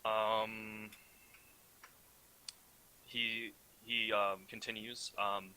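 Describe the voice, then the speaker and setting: A young man narrates a tabletop role-playing session as game master. His voice is very bright, and he hesitates often, filling pauses as he describes scenes and explains rolls. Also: mid-range voice, rough recording. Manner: hesitant, filler-heavy narration.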